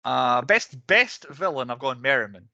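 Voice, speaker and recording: A man's voice: mid-range voice, animated, takes it slowly, creaky, pushed and bright, no echo, lo-fi sound. A man co-hosting a casual film-review podcast, chatty and often laughing as he runs through his categories. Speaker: podcast co-host.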